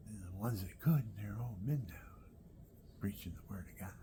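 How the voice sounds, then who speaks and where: A man telling rambling personal stories at home, often dropping into soft whispered asides. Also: lowish voice, moderate pace, noisy background.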